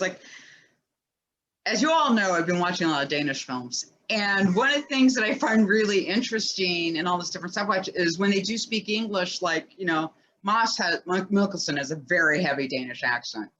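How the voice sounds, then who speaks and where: A woman's voice: fairly low pitch, fairly bright tone. A woman co-hosting a casual chat and reading listener questions, talking chattily with many "like" fillers.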